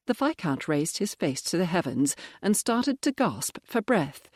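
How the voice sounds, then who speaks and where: An audiobook narrator reads the story in a calm, measured way. The voice sits in a middle register. The recording is dry and close. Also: medium pitch, breathy edge, dry recording. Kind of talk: scripted narration.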